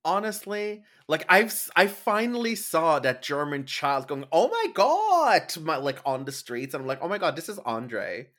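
A man's voice: fairly high pitch, animated, moderate pace, few pauses, pushed and bright. A young man co-hosting a podcast, trading sassy, campy jabs in casual banter. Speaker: podcast co-host.

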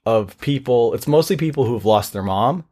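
A man co-hosting a casual podcast, his voice sitting in a middle pitch. He steers the chat along, talkative and often chuckling. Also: lively intonation, moderate pace, mellow. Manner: chuckling, talkative, keeps the segment moving. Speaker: podcast co-host leading the song review.

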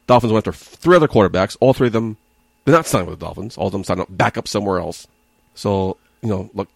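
A man's voice: on the low side, quick pace, vocal fry, no room sound. A man co-hosting a podcast, chatting casually and teasing his co-host with jokes and swearing. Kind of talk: casual chat.

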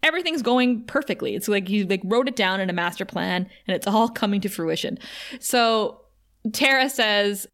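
A woman co-hosting a podcast, chatting casually as she recaps a TV episode, acting out quoted lines and laughing often. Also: mid-range voice. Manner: animated retelling with quick quoted dialogue and frequent laughs. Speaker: podcast co-host.

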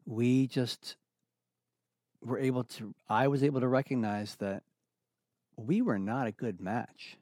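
A man's voice: mid-range voice, a little mellow, no room sound, clean studio sound. Earnest, reflective middle-aged man. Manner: earnest, reflective, halting with many restarts. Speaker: interview guest. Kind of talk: candid personal conversation.

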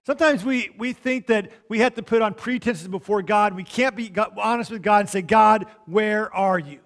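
High-voiced man preaching emphatically. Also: a little fast. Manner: emphatic, repeats phrases, drops to soft tones for quotes. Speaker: pastor. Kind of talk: sermon.

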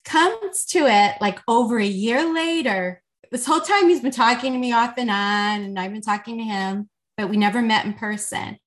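A woman guest, an intimacy coach, telling a lively story in a casual podcast chat, with lots of "like". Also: fairly high pitch, moderate pace, hardly any pauses. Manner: animated, chatty, lots of "like".

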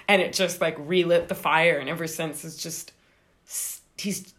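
A woman's voice: lowish voice, fairly even intonation, normal speed, fairly bright tone. A woman from Quebec in her forties, a podcast guest, talking casually with enthusiasm and stammered repeats. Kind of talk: casual conversation.

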